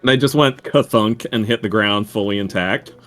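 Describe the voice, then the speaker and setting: A man's voice: on the low side, normal speed, fairly bright tone. A man hosting a live game stream, chatting casually, laughing often and sharing franchise trivia. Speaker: streamer host.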